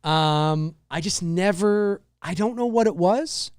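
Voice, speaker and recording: A man's voice: smooth, dry recording, studio quality. A man hosting a live-streamed talk show, chatting casually and reading viewer comments, rambling with many restarts and repeated phrases. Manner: drops into low, slow impressions and squeaky high mimicry.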